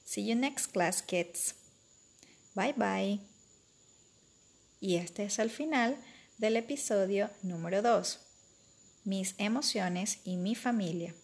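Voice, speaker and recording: Woman teacher doing a kids vocab lesson, very slow and clear, says each word twice over. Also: medium pitch. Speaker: children's language teacher.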